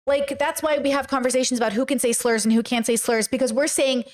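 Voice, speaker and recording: A woman hosting a podcast, talking casually and reacting to a video and her live chat, animated and often slipping into mocking voices. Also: high-pitched, fast talker.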